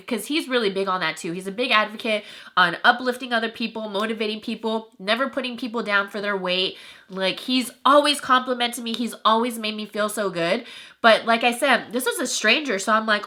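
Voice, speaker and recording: A young woman vlogger telling an emotional story in an animated way, filling her talk with "like" and "you know". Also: fairly high pitch, brisk.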